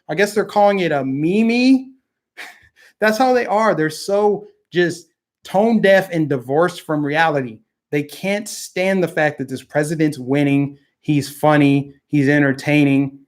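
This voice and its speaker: A young man holds forth in a fairly high voice, riled up and indignant. He delivers a casual but heated commentary monologue as the host of his own show, now and then mocking the people he criticizes. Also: unhurried.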